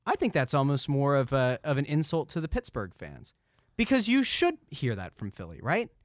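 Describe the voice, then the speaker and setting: A man chats loosely about sports on a podcast, circling back and restarting his thoughts. His voice is mid-pitched and unremarkable. The recording is dry and close. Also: very animated, moderate pace, no room sound. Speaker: podcast co-host. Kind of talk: casual sports podcast chat.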